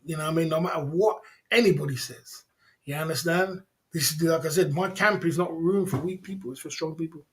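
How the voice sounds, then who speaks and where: A man's voice: on the high side, brisk. A man hosting a livestream, talking casually and emphatically, repeating himself and laughing often. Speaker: livestream host.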